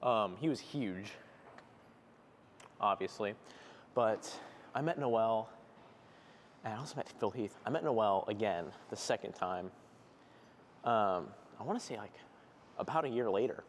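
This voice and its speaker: A young man with a lowish voice talks loosely and rambles, filling gaps with ums and likes. He is filming himself between sets in a gym, with faint gym noise in the background. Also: lively intonation, measured pace, pauses often. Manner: laid-back, rambling, heavy with fillers. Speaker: fitness vlogger. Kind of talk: casual gym vlog chat. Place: gym, indoors.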